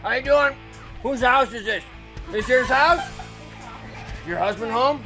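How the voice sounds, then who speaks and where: A man's voice: very high voice, measured pace, loud music behind the voice, voice pushed up. A man playing a bossy, folksy lawn-care guy. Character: brash know-it-all male lawn-care guy.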